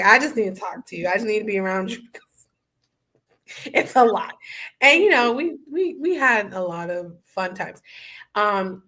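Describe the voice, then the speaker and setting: A woman hosting a casual interview podcast, talking in an animated, chatty way and acting out inner voices with slang. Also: lowish voice. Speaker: podcast host.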